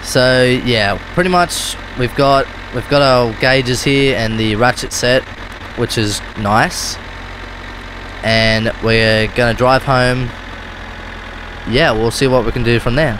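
An Australian man talks through a game in a casual, rambling way, often breaking off to correct himself. His voice sits at an ordinary middle pitch. A clearly audible car engine hum runs under everything he says. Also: slow pace. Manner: rambling, loose and self-correcting. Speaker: gaming video host. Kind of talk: casual gameplay commentary. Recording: car engine noise behind.

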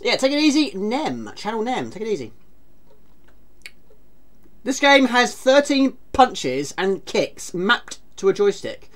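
A woman's voice: mid-range voice, big pitch swings, slow pace, long pauses. A woman streaming a retro game, chatting casually, teasing herself and greeting viewers from chat. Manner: chatty, self-mocking, reads chat aloud.

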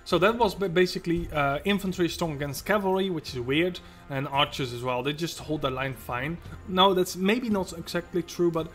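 Over loud game music, a male let's play host casually comments on his own gameplay, rambling and talking both to himself and to the game. His voice is a little high, and he keeps a moderate pace with few pauses.

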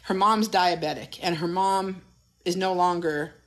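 A woman's voice: lowish voice, a little slow. A middle-aged woman coaching and telling stories on a phone live stream, blunt and profane. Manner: blunt, profane, animated storyteller. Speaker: health coach. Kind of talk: casual TikTok live chat.

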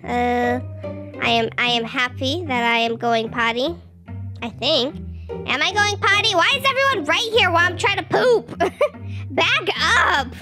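A woman doing playful gaming commentary while she role-plays a whiny baby, pleading and excitable. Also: sits high, unhurried. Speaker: gaming video creator. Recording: upbeat music playing under the voice. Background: children's game music.

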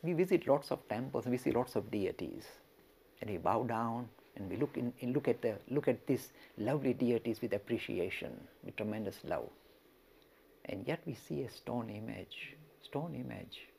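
A male religious lecturer telling a story in an expressive way and speaking directly to his listeners. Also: mid-range voice, normal speed, vocal fry, slightly rough.

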